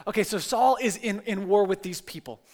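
Man, high voice, casual sermon, pastor, conversational, acted-out quotes, restarts and asides. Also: brisk. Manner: animated storytelling with acted-out quotes.

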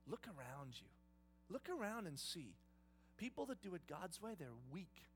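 A man preaching who voices an evil spirit, murmuring scornfully in a low hushed voice. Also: sing-song, normal speed, a little hiss or hum. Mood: sneering. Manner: low hushed sneering whisper. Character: sneering tempting evil spirit, male.

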